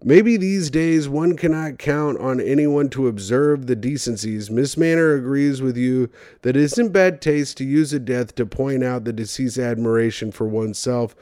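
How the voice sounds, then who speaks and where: A man's voice: mid-range voice, dark tone, dry recording, studio quality. A man doing profane, mocking comedic commentary as he reads advice letters aloud and rants over them.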